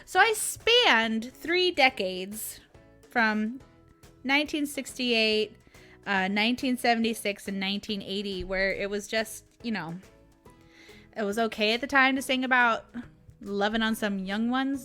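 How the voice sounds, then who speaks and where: Bright-voiced Southern woman ranting. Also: on the high side, measured pace, faint music behind. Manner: animated, laughs often, sarcastic asides. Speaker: vlog host. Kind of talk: casual ranting commentary.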